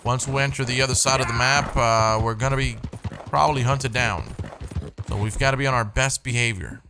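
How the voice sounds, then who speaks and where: A man's voice: mid-range voice, fairly even intonation, fairly quick, background noise. A man giving casual, chatty let's-play commentary, swearing and getting easily annoyed with the game. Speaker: gameplay streamer. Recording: commentary over loud game music.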